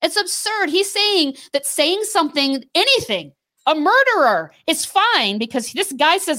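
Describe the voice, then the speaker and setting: A woman co-hosting a casual faith discussion, telling stories with emphatic repetition and quick restarts. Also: extremely high pitch, big pitch swings, sharp tone. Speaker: podcast co-host.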